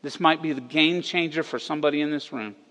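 A man preaching in a church hall, his fairly high voice carrying a long reverb. He retells the story with animated energy, pushing upward on the words he wants remembered. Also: fast talker. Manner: animated storytelling, rising emphatic on key words. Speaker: pastor. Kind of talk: sermon.

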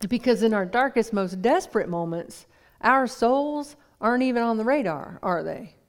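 A woman's voice: a little high, lively intonation, moderate pace. A woman preaching a sermon in a conversational way, putting questions to the congregation.

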